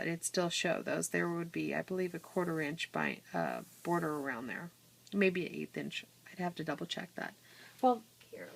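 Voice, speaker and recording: A woman giving a casual, unhurried walkthrough of a handmade scrapbook album, with many fillers and restarts, filmed on a phone at home. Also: mid-range voice, fairly bright tone. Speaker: crafter showing her scrapbook album. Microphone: handheld phone camera. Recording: faint room noise, phone capture.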